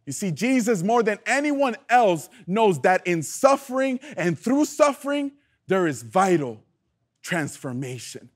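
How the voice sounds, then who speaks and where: A male youth pastor preaches with fervent call-and-response energy. His voice is unusually high for a man and swings between loud emphasis and quiet, hushed lows. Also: very animated, measured pace. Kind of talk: sermon.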